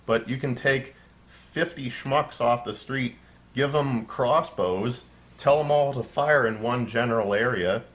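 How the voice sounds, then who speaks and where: A man's voice: medium pitch, a little slow, a bit bright. A man co-hosting a casual chat, making his points in a dry, wry way. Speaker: co-host.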